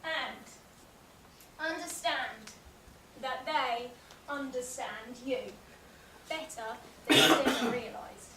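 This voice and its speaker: A woman's voice: high voice, takes it slowly, long pauses. A woman giving a storytelling talk about her work as a child therapist, acting out the voices in her anecdotes. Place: meeting room, recorded from the audience. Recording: echoey room, distant mic, background noise.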